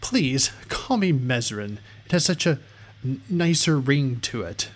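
A man's voice: mid-range voice, big pitch swings, unhurried, husky. A man voicing a scrawny, sarcastic male magician who taunts in a snide, sing-song way. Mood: mocking. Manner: mocking, sing-song, smirking.

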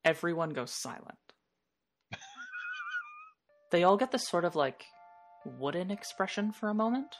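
A woman running a tabletop game, her voice a bit low. She narrates casually, with plenty of fillers. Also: animated, unhurried, long pauses, faint music behind. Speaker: game master.

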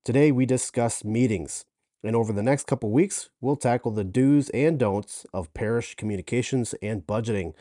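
Minnesotan man, warm dry voice. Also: mid-range voice, normal speed, dry recording. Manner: friendly, relaxed, easy laughter. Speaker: podcast co-host. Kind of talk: casual podcast chat.

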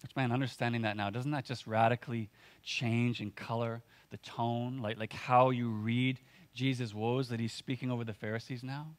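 A man's voice: medium pitch, fairly even intonation, normal speed. A man preaching a sermon as pastor, earnest and conversational, often using filler words and restarting his sentences.

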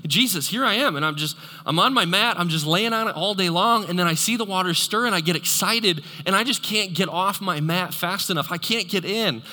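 A man's voice: sits high, a little fast, hardly any pauses, pushed and bright, pitched above the performer's own voice. A man voicing a helpless, self-pitying crippled man lying on a mat, whining and pleading, in a sermon illustration. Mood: whiny. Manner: whiny, pleading, complaining. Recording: long echoey hall reverb.

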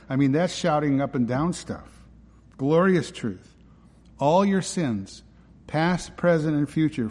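A man's voice: a little high, darkish tone. A man preaching a sermon in an emphatic, conversational way, often asking his listeners rhetorical questions. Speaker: pastor. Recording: long hall reverb.

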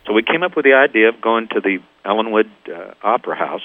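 A man's voice: lowish voice, fast talker. Older man telling stories over a tinny phone line. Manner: lively storyteller, acts out quoted voices. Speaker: band founder, guest. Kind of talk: storytelling interview.

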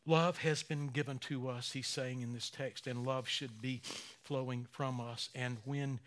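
A man in his sixties preaching a sermon, emotional, dropping to near-whispers and rising to loud, fervent emphasis, slowing on key phrases. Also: mid-range voice, steady tone. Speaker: pastor.

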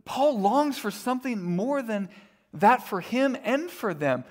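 A man's voice: very high-pitched, very animated, a little slow. A middle-aged man preaching a sermon as a pastor, conversational and self-deprecating, with frequent fillers.

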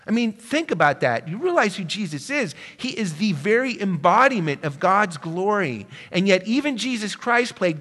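Bright-voiced male preacher in a reverberant hall. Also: high voice, sing-song, moderate pace, few pauses. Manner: dynamic preaching, swings between hushed and emphatic. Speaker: pastor. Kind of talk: sermon.

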